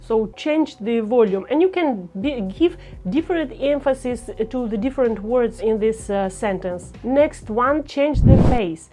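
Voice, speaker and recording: A woman teaching a lesson on speaking naturally on camera, talking in a slow, deliberate, demonstrative way. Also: fairly high pitch, lively intonation, dark tone, soft background music. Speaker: speaking coach.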